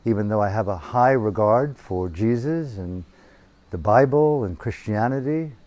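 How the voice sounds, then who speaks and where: A man teaching a meditation retreat, telling a family story in an animated, profane way into a handheld microphone. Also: on the low side, no room sound. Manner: animated, profane, acting out voices. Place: retreat hall.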